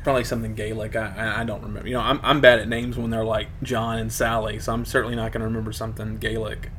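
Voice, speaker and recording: A man's voice: lowish voice, little pitch movement, fast talker, a bit bright, slight background noise. A man casually retelling a film's plot as a podcast co-host, rambling with plenty of fillers. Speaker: podcast co-host reviewing a film. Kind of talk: casual chat.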